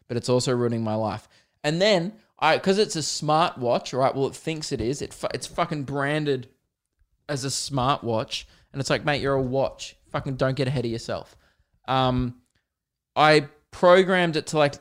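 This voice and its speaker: A young man hosting a solo podcast, ranting with lots of swearing and bursts of laughter. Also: mid-range voice. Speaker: podcast host.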